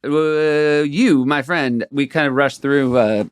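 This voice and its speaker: A man co-hosting a casual comedy podcast, chatty and quick with asides, often breaking into laughter. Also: on the high side, clean tone. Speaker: podcast co-host.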